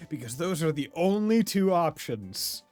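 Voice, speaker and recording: A young let's play host provides gameplay commentary, joking, laughing a lot, and using casual slang. His slightly high, darkish voice is unhurried, with big pitch swings. The close mic is dry, with faint game music behind him.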